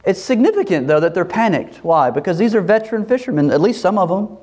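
A pastor preaching a sermon in a lively, animated way, acting out voices as he tells the story. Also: sits high, fast talker. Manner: animated, acts out quoted voices, laughs.

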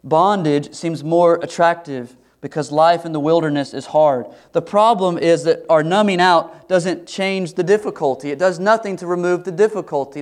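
Earnest preaching man, slightly high voice. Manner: earnest, rising to emphatic questions. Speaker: pastor. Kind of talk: sermon.

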